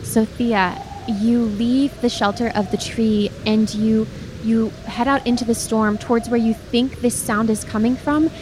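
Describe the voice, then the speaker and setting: Higher-voiced woman narrating as game master. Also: steady tone, measured pace, a little mellow, a little hiss or hum, rough recording. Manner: descriptive, with frequent restarts and addressing the player by name.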